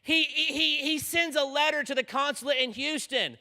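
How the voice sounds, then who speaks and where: A man's voice: extremely high pitch, moderate pace, bright, forceful tone. A man preaching to students, telling a story energetically and often checking in with "okay?". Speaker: conference speaker. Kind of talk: sermon. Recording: long reverb in a large hall.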